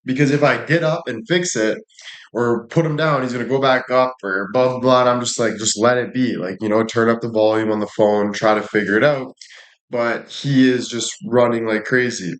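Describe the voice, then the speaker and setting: A man's voice: mid-range voice, fairly even intonation, moderate pace. A young man livestreaming, telling rambling stories in a casual chat with lots of swearing. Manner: crude, rambling storytelling with frequent swearing. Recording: echoey room.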